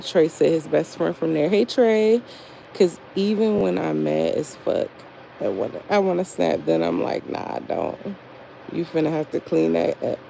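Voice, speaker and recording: A young woman chatting casually on a livestream, profane and animated as she reads chat aloud. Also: low-pitched, moderate pace, gravelly, a little hiss or hum, low-quality recording. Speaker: livestream host.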